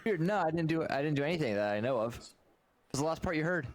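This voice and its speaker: A man's voice: a little high, expressive, quick pace. A man playing in a tabletop game, talking casually and bickering about the details. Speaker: player.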